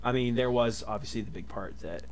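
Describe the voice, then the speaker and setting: A man's voice: medium pitch, brisk. Young male podcast co-host, casual and analytical, headset mic, light background hiss. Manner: analytical, loose and joking. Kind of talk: casual chat.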